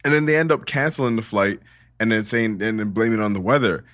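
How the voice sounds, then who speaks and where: A young man with a lowish voice spins a rambling travel story for his podcast co-hosts. He swears freely and breaks into laughter, and the recording is dry and close. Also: fast talker, no echo. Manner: animated storyteller, laughs often, heavy swearing. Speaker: podcast co-host. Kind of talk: casual storytelling chat.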